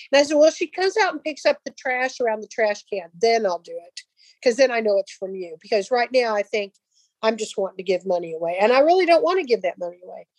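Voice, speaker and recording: A woman's voice: fairly high pitch, animated, fairly quick, darkish tone, no room sound, poor audio. An older woman casually telling a personal faith story, rambling with restarts and acting out the dialogue. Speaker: guest sharing a testimony.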